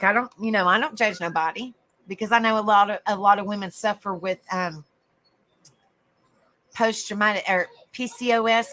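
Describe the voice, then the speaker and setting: A woman hosting a livestream, chatting to viewers and telling a rambling, animated story. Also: medium pitch, poor audio. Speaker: livestream host. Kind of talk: casual live-chat storytelling.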